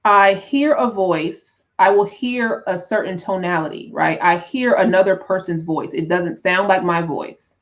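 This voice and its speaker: A woman teaching tarot on a live stream, talking in an unhurried, reflective way with frequent restarts and "right?" check-ins. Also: lowish voice, muffled recording. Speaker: tarot teacher and spiritual coach.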